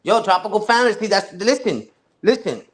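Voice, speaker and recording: A man's voice: sits high, big pitch swings, moderate pace. A man chatting casually with a live stream audience. He tells loose, slang-heavy, profane stories full of restarts. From New York.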